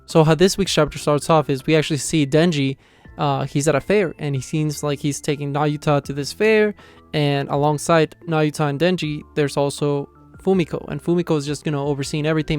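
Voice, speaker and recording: A man's voice: fairly high pitch, a little mellow, clear, resonant tone. A man giving a casual, rambling recap of a manga chapter, filling his sentences with "you know". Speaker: manga reviewer.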